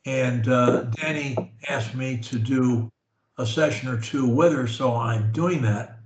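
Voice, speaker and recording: A man working as a speech coach, talking slowly and stretching his words on a steady tone as he guides a client. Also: mid-range voice, reverberant. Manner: slow, drawn-out speech that holds a steady tone. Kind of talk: coaching conversation.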